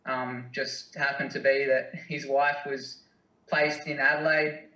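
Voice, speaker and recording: A young Australian man answering interview questions in a hesitant, halting, self-deprecating way. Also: medium pitch, flat delivery, sharp tone. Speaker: guest, distance runner. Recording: roomy, mic at a distance.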